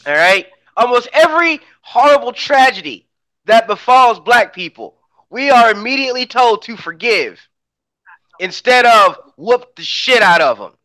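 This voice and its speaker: A man's voice: very high-pitched, big pitch swings, a little slow, bright, forceful tone. A man on a panel, answering emphatically, repeating points for force and swearing freely. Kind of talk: casual panel discussion.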